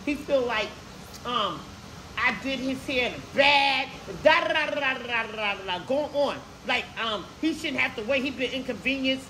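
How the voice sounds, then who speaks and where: A hairstylist in her fifties telling a story in a salon, animated and profane, acting out what people said. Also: high-pitched, normal speed, a little hiss or hum. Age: 50s. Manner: animated, profane, acts out quotes. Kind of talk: casual storytelling. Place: hair salon, indoors. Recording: echoey room, picked up from a distance.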